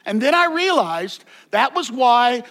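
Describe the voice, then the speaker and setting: A man's voice: very high voice, sing-song, unhurried, bright, forceful tone. A man preaching a sermon as pastor, conversational, with joking asides and repeated words.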